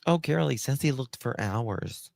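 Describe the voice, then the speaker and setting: A man's voice: medium pitch, lively intonation, normal speed, creaky, a little mellow, dry recording, clean studio sound. A man giving angry, profane, sarcastic commentary on case documents as a true crime host.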